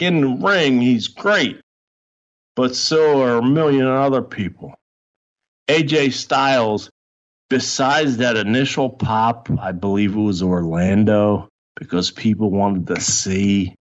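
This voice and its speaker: Foul-mouthed ranting man, dull sound. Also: lowish voice. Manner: foul-mouthed, heated, mocking. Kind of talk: profane ranting chat.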